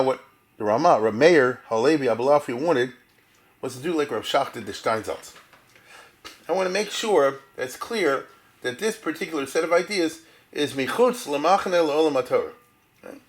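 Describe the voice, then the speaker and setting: A man who is a rabbi giving a conversational history lecture. He often checks in with "right?" and "you follow?", uses Hebrew and Yiddish terms freely, and acts out quoted speech with big jumps in pitch.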